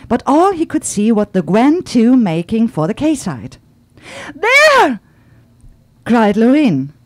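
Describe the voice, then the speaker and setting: Woman author, book talk and reading, lively melody, middle pitch, searching for words. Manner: animated, searching for words with fillers.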